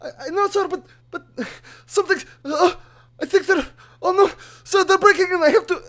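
A man's voice: very high-pitched, normal speed, a bit bright, pitched above the performer's own voice. A man voicing a frantic young male guard reporting a prison breakout, in a put-on Russian accent, stammering in panic. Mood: terrified. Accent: attempted Russian accent.

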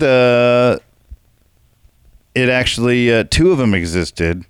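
A man's voice: mid-range voice, lively intonation, takes it slowly, smooth, no echo. A man hosting a comedy podcast in a loose, slangy way, reading out joke quiz questions with playful emphasis. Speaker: podcast host.

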